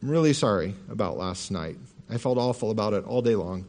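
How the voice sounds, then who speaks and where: A man's voice: fairly low pitch, lively intonation, brisk, darkish tone. A man voicing an apologetic husband who pleads with his wife for forgiveness. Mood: contrite. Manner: contrite, pleading.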